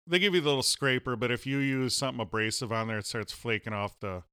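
A man co-hosting a casual podcast, relaxed and jokey. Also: mid-range voice, quick pace, smooth, no echo, studio quality. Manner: relaxed, jokey, slips into silly voices. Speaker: podcast co-host. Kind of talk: casual chat.

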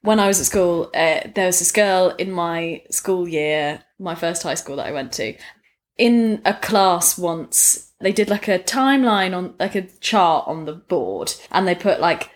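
A woman co-hosting a comedy podcast, her talk playful and rambling. She mocks herself as she riffs through improvised bits and stories. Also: on the low side. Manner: playful, rambling, self-mocking. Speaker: podcast co-host.

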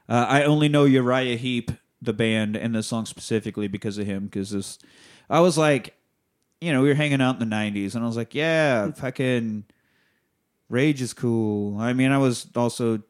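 A man's voice: mid-range voice, clear, resonant tone. A man hosting a podcast who recaps a movie in a loose, profane, rambling way. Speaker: podcast host.

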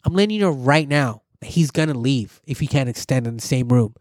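A man's voice: medium pitch, a little fast, dry recording, studio quality. A man telling a story in casual chat, swearing freely and acting out quotes. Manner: animated, profane, acts out quotes.

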